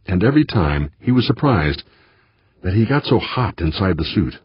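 A man reading an audiobook in a measured, steady manner. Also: sits low, breathy edge, no echo, dull audio. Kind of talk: audiobook narration.

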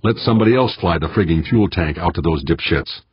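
A man's voice: deep voice, lively intonation, brisk, breathy edge, no room sound, highs cut off, exaggerated voice. A man voicing a grumbling, irritable male spacewalker who growls his replies.

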